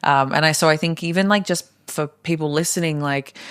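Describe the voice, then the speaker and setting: A woman hosting a podcast interview, reflective and a little halting as she talks things through. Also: deep voice, a bit bright, clean tone. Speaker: podcast host. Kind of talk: casual interview chat.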